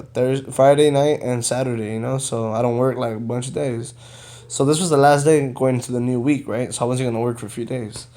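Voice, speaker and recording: A young man casually recounting a personal story, animated, quoting others and peppering his talk with "bro" and "you know.". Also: medium pitch. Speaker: vlogger telling a personal story.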